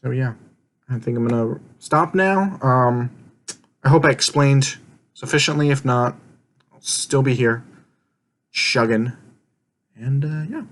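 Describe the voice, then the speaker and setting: With a mid-range voice, a measured pace and long pauses, a man casually goes over an online game he played. He rambles, laughs often, tosses in swearing and dramatizes his own quoted lines.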